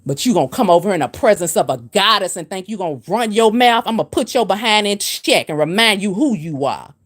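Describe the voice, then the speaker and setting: A woman hosts a spiritual livestream. She scolds and preaches at a commenter, hammering her points with repetition. Her pitch swoops from low and firm to high and emphatic. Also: lively intonation, brisk. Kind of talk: livestream rant answering comments.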